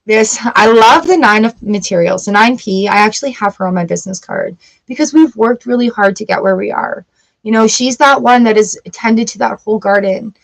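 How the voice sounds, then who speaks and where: A woman's voice: a little high, moderate pace, creaky, rough recording. A middle-aged woman hosting a casual live tarot reading, chatty and given to giggling as she talks to viewers. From Canada. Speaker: tarot reader livestream host.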